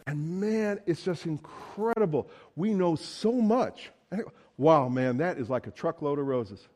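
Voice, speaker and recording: A teenage son, as a preacher puts him on rambles through earnest excuses. The voice is mellow and low-key, a touch below the man's usual pitch. It sounds like an everyday voice, not a broad caricature. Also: lively intonation, measured pace. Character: teenage boy boasting of church work.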